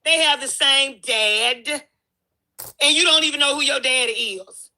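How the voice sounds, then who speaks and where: A woman's voice: high-pitched, a little slow, bright, forceful tone. A woman talking as a guest in a livestream chat, brash and sassy, trading insults. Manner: sassy, brash trash talk.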